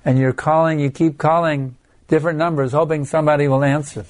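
A man's voice: medium pitch, little pitch movement, quick pace, a little mellow. An older man giving an earnest devotional lecture, exhorting his listeners and sometimes acting out chanting. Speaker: spiritual teacher.

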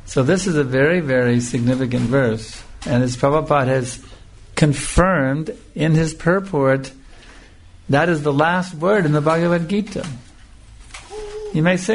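Male lecturer, slightly high voice, emphatic repetitive scripture talk, faint hiss behind. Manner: slow, emphatic, repeating phrases for emphasis. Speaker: spiritual teacher.

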